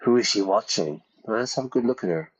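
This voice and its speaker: A man's voice: lowish voice, animated, fast, slightly rough. Joking man explaining words over a game. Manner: jokey, explanatory, playful asides. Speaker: English teacher streaming a game. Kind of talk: casual game commentary explaining vocabulary. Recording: dull lo-fi sound.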